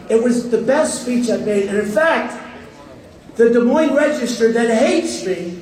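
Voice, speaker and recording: A man's voice: sits high, a little mellow. A man giving a campaign rally speech, boastful and rambling, repeating himself and taking sarcastic jabs at the press. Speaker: political candidate. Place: large packed hall with a crowd. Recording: echoey hall from far off, crowd noise.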